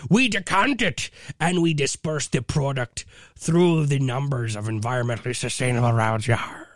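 A man voicing a gruff male pirate who runs a brewery, growling "yar" at the end of his phrases in a jokey mock quote. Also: medium pitch, moderate pace, no echo, clean studio sound, natural voice. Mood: hammy.

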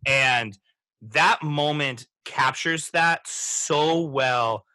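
A man in his thirties hosting a podcast, reflecting in a halting way with many restarts as he talks through a film. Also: mid-range voice, sharp tone, no echo. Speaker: podcast host. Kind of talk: casual movie discussion.

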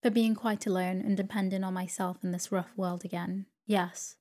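A woman's voice: medium pitch, little pitch movement, moderate pace, mellow, natural voice. A woman reading a storybook, voicing a stern, brusque elderly great-aunt who speaks in a commanding, indignant manner.

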